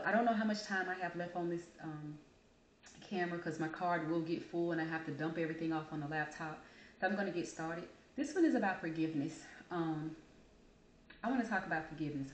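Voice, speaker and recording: A woman's voice: fairly low pitch, brisk. A woman hosting her own vlog, giving her opinions in an emphatic, blunt and casual monologue. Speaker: vlogger host. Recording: echoey room with faint noise.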